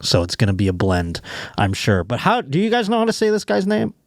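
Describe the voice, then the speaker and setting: A man's voice: mid-range voice, huge pitch swings, a little fast, no room sound, studio quality. A man hosting a comedy podcast, reading news stories aloud with jokes and laughter. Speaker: podcast host. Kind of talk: casual comedic chat.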